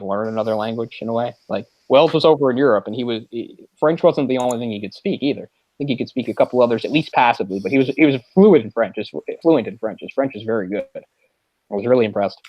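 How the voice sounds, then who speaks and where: A man's voice: medium pitch, dry recording, lo-fi sound. A man co-hosting a film podcast, chatting casually and rambling with frequent restarts. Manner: rambling, many restarts and fillers. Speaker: podcast co-host.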